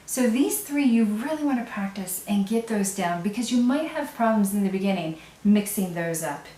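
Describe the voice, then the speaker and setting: A woman's voice: mid-range voice, expressive, moderate pace, mellow. Patient woman teaching, echoey room. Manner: patient, explains step by step, often checks in with "right?". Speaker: French teacher. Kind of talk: video language lesson.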